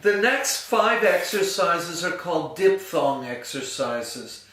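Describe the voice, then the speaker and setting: A man's voice: a little high, sing-song, slow. A man teaching a singing lesson, patiently explaining and demonstrating vowel sounds. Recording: roomy, distant mic with piano.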